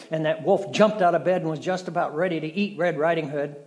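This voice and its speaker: A middle-aged male pastor preaching a sermon, telling stories with dramatic shifts between loud and soft. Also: a little high, brisk, few pauses. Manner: storytelling, dramatic shifts in volume.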